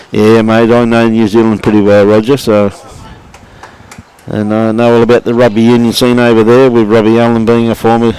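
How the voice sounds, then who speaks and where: Older Aussie bowls commentator, chatty and matey. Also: male voice, mid-range voice, monotone, brisk, a little mellow, clear, resonant tone, poor audio. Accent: Australian. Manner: chatty and matey, greets online viewers by name, chuckles often. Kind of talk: live sports commentary. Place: outdoor bowls club green.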